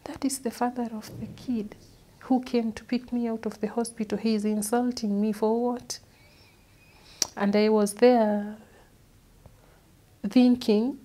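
A woman, an interview guest, recounting a painful personal story in an earnest, halting way, often repeating words. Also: on the high side, fairly even intonation, mellow. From Kenya. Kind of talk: personal testimony.

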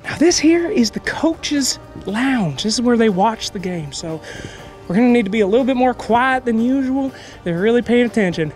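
Male event host, very high-pitched, over-the-top and shouty, handheld mic, faint music behind. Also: moderate pace. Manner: exaggerated, shouty, excitable. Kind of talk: comedic hype segment. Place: esports event venue, indoors.

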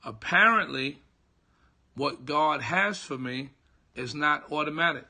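A middle-aged man, a pastor, teaching a devotional slowly and repetitively, checking that listeners follow and greeting viewers by name. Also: a little high, lively intonation, vocal fry, bright, forceful tone. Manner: slow, repetitive teaching with call-and-response checks. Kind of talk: live-streamed devotional teaching.

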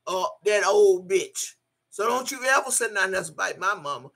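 A woman hosting a live stream, cursing and taunting loudly while reading chat comments aloud. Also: mid-range voice, lively intonation, moderate pace, creaky, husky. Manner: cursing, taunting, loud outbursts. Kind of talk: profane live-stream rant.

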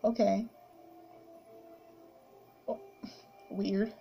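A woman's voice: medium pitch, little pitch movement, extremely slow, creaky, breathy edge, lo-fi sound, soft background music. A woman chatting casually while playing a game, giggling, yawning and talking to the characters on screen. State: sleepy, yawning. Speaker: gamer. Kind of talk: casual gameplay commentary.

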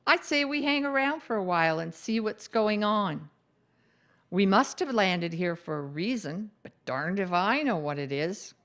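A woman voicing a bossy, cheerful female ghost who likes to meddle, in a brisk, upbeat way. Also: medium pitch, animated, a bit bright.

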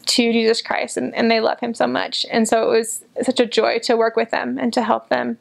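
A woman's voice: fairly high pitch, level tone, moderate pace, gravelly. A young woman, a returned missionary, talking earnestly and gushingly about people she grew fond of, often repeating herself. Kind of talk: casual personal reflection.

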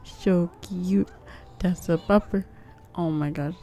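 A woman's voice: on the low side, fairly even intonation, takes it slowly, warm tone. A young woman giving casual, rambling commentary on a life-simulation game, giggling and cooing at the pets. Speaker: gaming YouTuber. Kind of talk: casual let's-play commentary. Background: faint background music.

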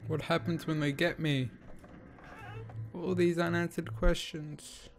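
A man's voice: a little high, level tone, slow, creaky, soft background music. Jittery young man playing a horror game. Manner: nervous, talking to himself, repeating questions. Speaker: gaming YouTuber. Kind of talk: horror game let's play commentary.

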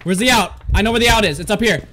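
Racing along in a high, fairly bright voice over slight background noise, a gaming channel host reacts to a horror game. He jumps at scares, yelps, panics and swears heavily, all while joking to his viewers and the game.

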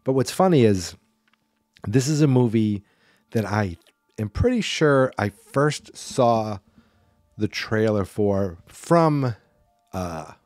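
A man's voice: lowish voice, a little mellow, no echo, clean studio sound. A man hosting a podcast alone, talking casually in a rambling, self-deprecating way with plenty of ums. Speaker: podcast host.

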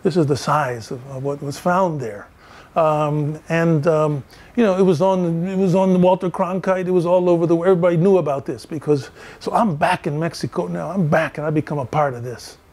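An older male professor gives a lecture in a fairly high voice. He tells animated stories and acts out the dialogue in them. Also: fairly quick. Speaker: professor giving a talk. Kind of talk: storytelling lecture.

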